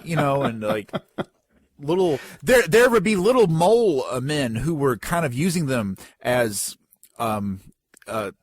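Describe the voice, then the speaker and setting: A man with a slight lisp, an animated podcast co-host rambling and joking in casual chat. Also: mid-range voice, unhurried, dry recording.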